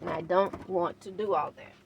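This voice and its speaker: Slow-talking older woman vlogging. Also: on the low side, vocal fry, heavy background noise. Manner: unhurried, encouraging, talks to viewers as guys. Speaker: van life vlogger. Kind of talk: casual vlog while cooking. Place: inside a parked van.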